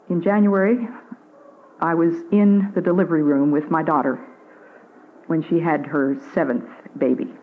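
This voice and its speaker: A woman's voice: low-pitched, steady tone, dark tone, rough recording. Older woman giving an earnest radio devotional. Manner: earnest, measured, emphatic. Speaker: Christian speaker.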